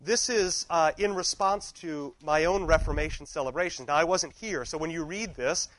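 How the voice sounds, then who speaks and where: A man's voice: fairly high pitch, normal speed, fairly bright tone, dry recording, poor audio. A man, a teacher in his thirties, chatting casually to a class, rambling through anecdotes and cutting himself off mid-sentence. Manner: rambling, anecdotal, self-interrupting.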